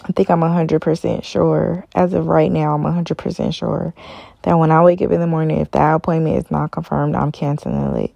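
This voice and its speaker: A woman's voice: low voice, expressive, brisk, vocal fry, warm tone, dry recording, lo-fi sound. A tired woman hosting a casual solo podcast, rambling with many ums and stopping to correct herself. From Los Angeles area. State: tired, yawning. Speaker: podcast host.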